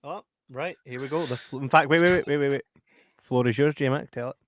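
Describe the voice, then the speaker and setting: A man with a Scottish accent co-hosting a podcast in casual chat, playful and quick to laugh. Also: mid-range voice, no echo, studio quality. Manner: playful, laughs often, lively banter. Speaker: podcast co-host.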